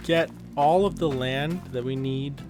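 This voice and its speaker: A man's voice: mid-range voice, measured pace. A man giving casual, rambling commentary while playing a building game, often correcting himself and getting sidetracked. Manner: rambling, self-correcting, easily distracted. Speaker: gaming YouTuber. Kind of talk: casual let's-play commentary. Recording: background music.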